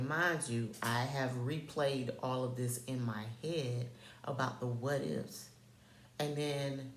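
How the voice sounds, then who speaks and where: A woman's voice: rumbling low, roomy sound, a little hiss or hum. A woman telling a personal story to the camera in a candid vlog, blunt and profane, with slangy asides to the viewer. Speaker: vlogger.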